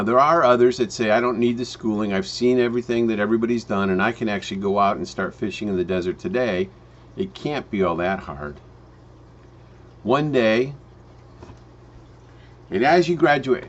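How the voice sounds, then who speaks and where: Man, storytelling parable, slow emphatic phrasing, restarts lines, dull lo-fi sound. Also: mid-range voice. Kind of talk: spoken parable for a home business pitch. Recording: dull lo-fi recording.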